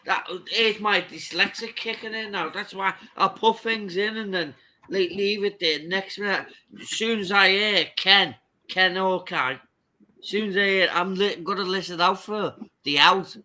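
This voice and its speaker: High bright Scouse man chatting. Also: a little slow. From England. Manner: rambling, repeats words, laughs easily. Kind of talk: casual stream chat.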